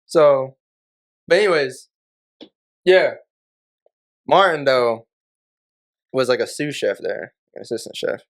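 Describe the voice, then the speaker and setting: A man's voice: mid-range voice, lively intonation, slow pace, pauses often. A man on a podcast telling a casual, profane story in a laid-back way, often breaking into laughter. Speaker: podcast guest.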